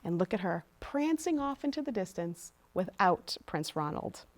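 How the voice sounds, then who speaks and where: A woman's voice: mid-range voice, moderate pace. A woman reading picture books aloud at a storytime, chatting to the children between pages. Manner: animated, chatty asides to kids. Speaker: storytime reader.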